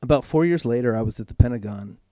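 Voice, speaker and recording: A man speaking as a podcast guest, telling a personal story in a frank, casual way and swearing freely, slowing right down when he wants to stress a point. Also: medium pitch, expressive, mellow, dry recording, studio quality. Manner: slows right down for emphasis. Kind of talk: candid personal storytelling in conversation.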